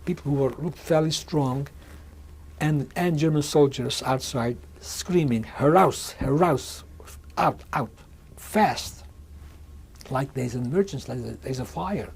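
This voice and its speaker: A man in his sixties giving a measured oral history testimony in an interview, often restarting and repeating words as he speaks. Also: mid-range voice, gravelly, darkish tone, husky. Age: 60s. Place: museum interview room.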